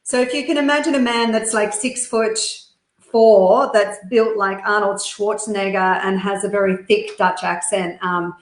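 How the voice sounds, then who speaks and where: An Australian woman speaks as a guest over a video call, telling her stories quickly and animatedly with plenty of ums. Her voice sits in the middle of the range, and the room around her gives it a noticeable echo. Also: mid-range voice. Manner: quick, animated storytelling with frequent fillers. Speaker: guest, business founder. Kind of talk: interview storytelling. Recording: roomy echo.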